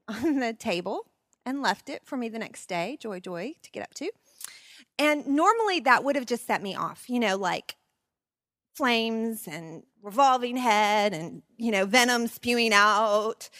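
Expressive woman in her 40s sharing family stories w/ parents, lots of laughs, very dry close sound. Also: high voice, dry recording. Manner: animated and expressive, laughing often. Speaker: speaker at a parenting seminar. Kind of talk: personal storytelling talk.

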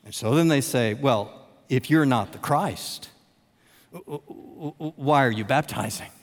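A man preaching a sermon with dramatic repetition, long pauses, and swings from loud emphasis to a hush. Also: medium pitch. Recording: long reverb of a large hall.

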